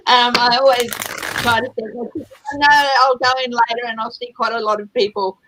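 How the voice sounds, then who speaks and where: A woman's voice: a little high, steady tone, unhurried, long pauses, noisy background. A woman from Australia with an Australian accent, hosting a casual tarot livestream over a video call, chatty and laughing often. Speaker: tarot channel host.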